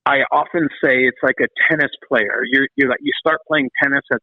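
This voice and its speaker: A man's voice: mid-range voice, fairly quick, no echo. Man telling stories over a tinny call line. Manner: animated, rambling storyteller with frequent restarts and swearing. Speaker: interview guest, former metal drummer. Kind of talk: casual storytelling interview. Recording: dry, phone-like call audio.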